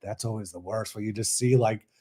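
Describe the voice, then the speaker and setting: A man co-hosting a podcast in casual chat, relaxed and quick to chuckle along. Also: fairly low pitch, husky. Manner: relaxed, chuckles and agrees a lot. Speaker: podcast co-host.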